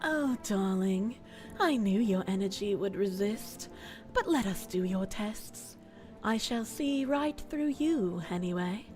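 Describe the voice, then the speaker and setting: A woman voicing a theatrical TV-style phone psychic in a put-on accent, speaking in slow, solemn pronouncements. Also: mid-range voice, lively intonation, music in the background, pitched below the performer's own voice. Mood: sultry. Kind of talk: game character voicing.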